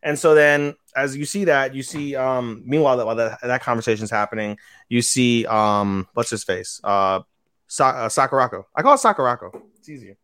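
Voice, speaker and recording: A man's voice: mid-range voice, a little fast, fairly bright tone, dry recording, clean studio sound. A man co-hosting a podcast, casually recapping an episode and acting out the characters' lines with sudden jumps in voice. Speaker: podcast co-host. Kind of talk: casual anime recap chat.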